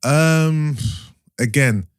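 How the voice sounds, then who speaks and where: A young man co-hosting a podcast, talking things through in a measured way with hedges and fillers. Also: on the high side, smooth, no echo, clean studio sound. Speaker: podcast co-host. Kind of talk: casual chat.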